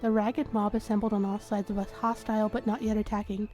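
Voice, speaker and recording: A woman's voice: mid-range voice, a little fast, faint music behind. Woman host narrating a story game. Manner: steady first-person narration. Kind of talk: reading a story game aloud.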